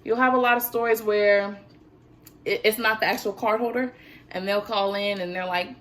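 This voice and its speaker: A woman's voice: medium pitch, normal speed, a little hiss or hum. Chatty teenage girl vlogger. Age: teens. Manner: animated, chatty storytelling. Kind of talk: casual chat.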